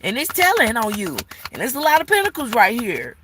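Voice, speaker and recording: Woman, tarot reader, live stream, blunt, profane, auntie scolding, highish voice. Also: wildly swooping pitch, brisk, background noise.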